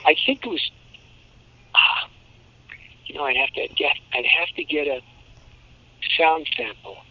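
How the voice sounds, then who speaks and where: A man in his seventies, a voice actor telling animated, jokey stories in an interview. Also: on the high side, a little slow, vocal fry. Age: 70s. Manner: animated, jokey storyteller who slips into demo voices. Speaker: voice actor guest. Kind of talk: anecdotal interview talk. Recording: muffled lo-fi audio.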